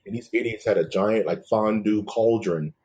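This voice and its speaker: A man's voice: on the low side, moderate pace, a little mellow, breathy edge, highs cut off. A man hosting a podcast in loose, jokey casual chat, calling people "man" and "dude". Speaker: podcast host.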